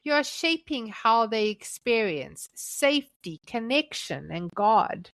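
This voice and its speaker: A woman delivers a scripted devotional teaching for parents, her voice a touch high and her pace very slow. She speaks gently in short, emphatic phrases. The recording is close and dry, with no room sound. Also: very animated, gravelly, dry recording. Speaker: Christian parenting podcast host.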